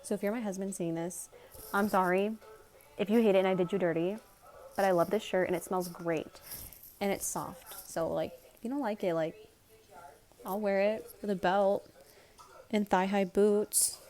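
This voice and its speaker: A woman in her twenties chatting casually in a vlog, talking fast and rambling a little, as she does when nervous. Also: mid-range voice, steady tone, warm tone. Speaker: vlogger. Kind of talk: casual chat.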